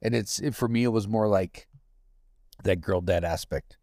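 Rambling male podcast co-host, lowish voice, dry close-mic sound, leans on fillers. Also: moderate pace, vocal fry, darkish tone, no room sound. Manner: rambling, many fillers like "you know what I mean". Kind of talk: casual chat.

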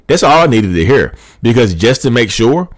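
A man's voice: medium pitch, sing-song, normal speed, no room sound, studio quality. A man hosting a podcast, giving advice in a loose, repetitive, conversational way and speaking straight to his listeners. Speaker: podcast host. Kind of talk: casual advice monologue.

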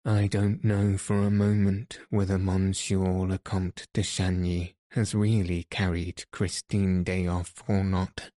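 A man's voice: low-pitched, level tone, takes it slowly, few pauses, dark tone, dry recording, studio quality. A man voicing a smug, self-satisfied police commissary who questions and lectures in a pointed way. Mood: lecturing.

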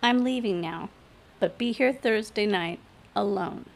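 A woman's voice: mid-range voice, a little slow, gravelly. A woman reading aloud, voicing a bossy woman bartender who taunts and gives orders. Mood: commanding. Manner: taunting, commanding.

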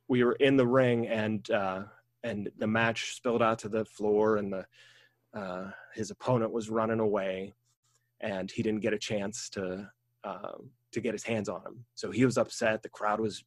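Rambling low-voiced man. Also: no echo. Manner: rambling, many ums and restarts. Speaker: wrestling referee. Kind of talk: casual conversation.

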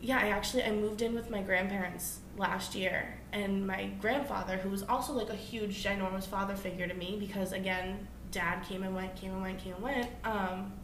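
A young woman chatting as a podcast guest, full of fillers and quick laughs. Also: mid-range voice, fairly even intonation, reverberant, background noise. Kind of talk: casual chat.

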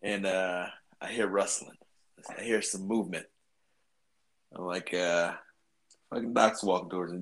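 Brief: slightly low-voiced man, army veteran, profane animated storyteller. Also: a little slow, creaky, long pauses, low-quality recording. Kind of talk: casual storytelling.

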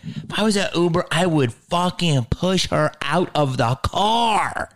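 Swearing man ranting in a lively voice. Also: measured pace. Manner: heated, swearing, swinging between growls and high outbursts. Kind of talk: profane ranting monologue.

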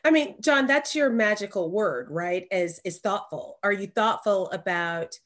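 A woman from Alabama with a Southern accent, co-hosting a podcast in animated, emphatic casual chat. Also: mid-range voice, unhurried. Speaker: podcast co-host.

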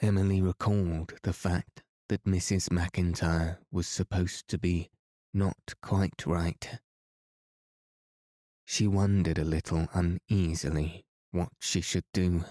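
A man reads a bedtime story slowly and calmly for sleep. His voice is very low, mellow and even, with little rise and fall. The sound is dry and close to the mic. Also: no room sound. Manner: slow, calm and even. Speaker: podcast host and reader.

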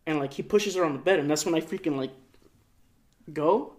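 A young man with a slightly high voice tells a story on a podcast in loose, slangy talk. He swears freely and acts out the voices of everyone in it. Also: a little fast. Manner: slangy, profane, animated retelling with voiced quotes. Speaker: podcast co-host. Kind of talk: casual storytelling.

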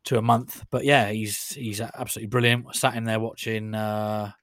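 A man co-hosting a podcast in casual banter, chatty and quick to laugh and tease. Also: lowish voice, level tone, fairly bright tone, no echo. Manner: chatty, laughs easily, teasing. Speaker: podcast co-host.

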